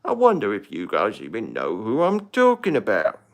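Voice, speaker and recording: A man's voice: fairly low pitch, huge pitch swings, moderate pace. A man streaming live into his phone, chatting casually in a rambling, hesitant, self-deprecating way. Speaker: livestreamer.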